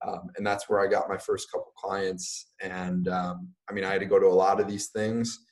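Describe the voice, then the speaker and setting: A man's voice: low-pitched, level tone, normal speed, a little mellow. A young man as an interview guest, talking casually with many fillers like "um" and "like". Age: young adult. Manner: casual, filler-heavy, uses "like" often.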